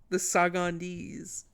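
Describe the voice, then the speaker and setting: A man narrating a tabletop game as game master, describing the scene in a slow, deliberate way. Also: sits high, fairly bright tone, clean tone.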